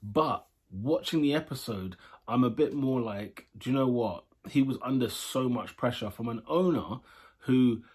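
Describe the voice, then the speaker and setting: A man's voice: mid-range voice, expressive, measured pace, darkish tone, slightly rough. A young man chatting his way through a casual spoken review of a show episode, rambling and opinionated.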